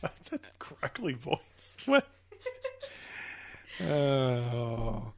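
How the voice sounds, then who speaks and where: Gravelly podcast guy, bouncy pitch, blunt jokey talk. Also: big pitch swings, normal speed, fairly bright tone. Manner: blunt, joking. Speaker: podcast co-host. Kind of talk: casual movie podcast chat.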